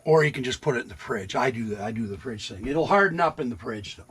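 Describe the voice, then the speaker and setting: Husky man in his sixties, rambling. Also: mid-range voice, animated, fast talker, fairly bright tone. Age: 60s. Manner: rambling, chats to his cats while cooking. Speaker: RV vlogger. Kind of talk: casual cooking vlog chat. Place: RV kitchen.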